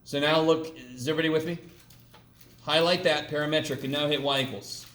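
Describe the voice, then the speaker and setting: Joking math lecturer in an echoey classroom. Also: male voice, a little high, steady tone, fairly quick, a bit bright. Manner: casual and joking, with mild swearing. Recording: echoey classroom from a distance, faint room noise.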